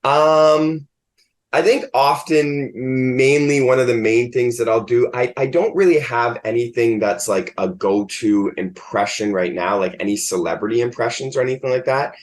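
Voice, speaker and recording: A man's voice: medium pitch, normal speed. A man, a comedian guest in a casual interview, rambling and filling his talk with "like". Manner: rambling, filled with "like".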